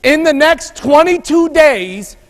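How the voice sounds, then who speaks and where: A man giving an energetic motivational speech at a conference, telling stories and drawing call-and-response from a live audience. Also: very high voice, takes it slowly, long reverb tail. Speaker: motivational speaker. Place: large conference room before a live audience.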